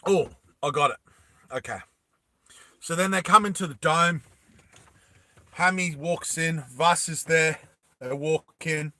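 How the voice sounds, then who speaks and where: Slow-talking, bright-voiced man storyteller. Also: fairly high pitch, no echo. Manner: animated, laughs often, acts out the characters. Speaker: streamer telling a story. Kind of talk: casual storytelling to a live chat.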